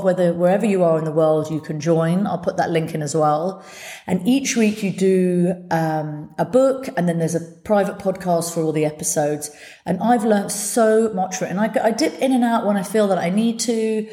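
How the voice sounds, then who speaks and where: Earnest low-voiced woman in an echoey room. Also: dark tone. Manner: heartfelt and earnest, swears freely. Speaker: podcast host. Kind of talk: candid solo podcast talk.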